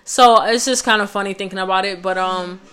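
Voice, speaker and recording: A woman's voice: mid-range voice, steady tone, brisk, fairly bright tone, clear, resonant tone. A young woman vlogger telling a personal story in a casual, conversational way, with lots of fillers and restarts.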